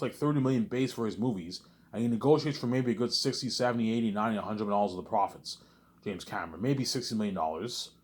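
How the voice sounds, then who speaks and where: Fast-talking animated man rambling. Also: medium pitch. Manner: animated, repetitive, haggling back and forth with himself. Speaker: vlogger. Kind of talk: casual rambling monologue.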